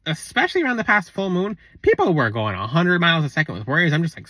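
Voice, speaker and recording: A man's voice: a little high, huge pitch swings, quick pace, few pauses, sharp tone, no echo. A man talking in a casual spiritual vlog, blunt and rambling, on a close mic. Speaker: spiritual content creator.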